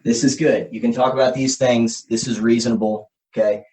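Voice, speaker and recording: A man hosting a podcast, thinking out loud as he explains ideas at a whiteboard and often checks in with "okay?" and "right?". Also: medium pitch, fairly even intonation, a little fast. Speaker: podcast host. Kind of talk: casual explanatory podcast talk. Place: room with a whiteboard.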